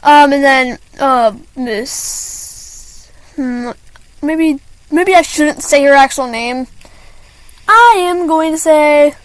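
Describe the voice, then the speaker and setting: Slow and unhurried, a high-voiced teen girl vlogger rants about school to the camera. She's chatty and rambling, full of fillers and restarts, and keeps breaking off mid-story to apologize. The recording is low quality, with no room sound.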